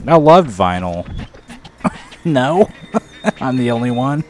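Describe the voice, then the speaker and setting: A man co-hosting a radio show in casual banter, easygoing and quick to laugh. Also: medium pitch, big pitch swings, darkish tone, faint music behind. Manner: slow, easygoing, laughs often.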